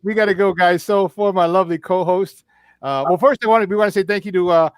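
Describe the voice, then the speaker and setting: A man's voice: high voice, quick pace, clear, resonant tone, no room sound. A man hosting a sports talk show in casual on-air chat, upbeat, laughing often, with many fillers and restarts. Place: remote virtual studio.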